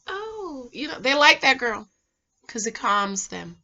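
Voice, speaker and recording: Woman, 30s, relationship mentor. Chatty, sisterly, slips into soft low talk. Bright tone, dull lo-fi sound. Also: expressive, unhurried, vocal fry. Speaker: relationship mentor, channel host. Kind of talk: casual chat to camera.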